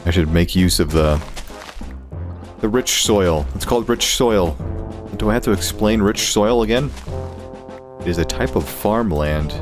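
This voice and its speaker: A man with a notably deep voice narrates his game in a casual, joking way. His pitch swings widely as he reacts, jumping up sharply when things go wrong. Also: measured pace, long pauses, over music. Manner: animated, jokey, yelps at mishaps. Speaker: gaming creator. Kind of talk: casual gameplay commentary.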